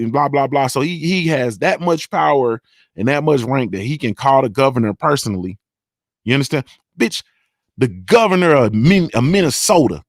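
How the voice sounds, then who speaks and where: Brief: male morning-show host, heated unscripted rant, profane, keeps checking in with "you understand?", mid-pitched, dry close recording. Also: animated, brisk, no echo. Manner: emphatic, profane, keeps asking "you understand what I'm saying?".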